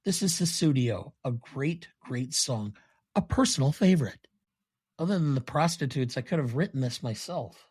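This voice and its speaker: A man reading as Patrick Bateman, husky and smug. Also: medium pitch, lively intonation, moderate pace, a little mellow. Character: vain male yuppie killer, smug and cold. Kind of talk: reading film quotes aloud.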